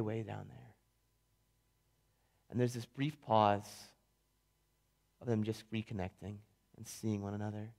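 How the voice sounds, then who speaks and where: A man preaching a sermon, retelling a story vividly and swinging between loud emphasis and hushed tones. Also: medium pitch.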